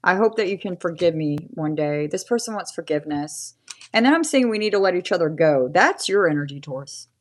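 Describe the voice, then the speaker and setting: A woman in her forties talks through a live tarot reading in a relaxed, chatty way. Her voice sits a little low, and she laughs often and pauses to thank her viewers. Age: 40s. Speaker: tarot reader.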